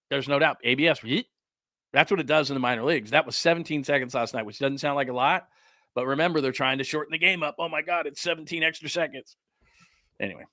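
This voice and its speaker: Man, sports talk host, heated sarcastic rant, sharp bright tone, dry close sound. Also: medium pitch, no room sound. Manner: heated, sarcastic ranting with mocking put-on quotes. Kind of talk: ranting sports talk show.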